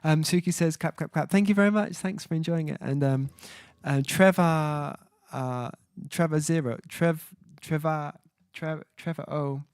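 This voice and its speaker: A man's voice: on the high side, a little slow, few pauses, a little mellow, smooth, no echo, clean studio sound. A man hosting his own music livestream, chatting casually and reading viewer comments aloud, hesitant with many fillers as he sounds out foreign words. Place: at home, indoors.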